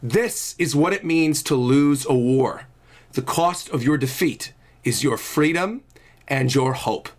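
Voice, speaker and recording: A man voicing a menacing male dragon warlord, reading manga lines aloud in character in a slow, low, drawn-out growl. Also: animated.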